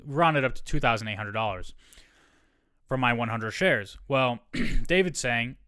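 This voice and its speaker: A man's voice: mid-range voice, moderate pace, sharp tone, dry recording. A man hosting a solo podcast. He reads a news article aloud and stops often for casual asides and self-corrections. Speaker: podcast host.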